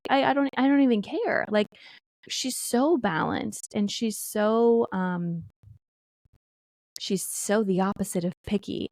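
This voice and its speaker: A woman's voice: mid-range voice, vocal fry, a little mellow, dry recording. A woman in her thirties co-hosting a casual family podcast, chatting and telling stories about her kids, mimicking what they say. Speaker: podcast co-host.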